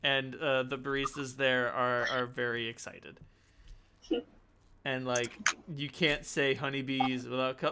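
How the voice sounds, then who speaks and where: A man acting as game master who chats casually, swears freely and shouts words for emphasis. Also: medium pitch, level tone, a little slow, smooth. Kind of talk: casual tabletop game chat.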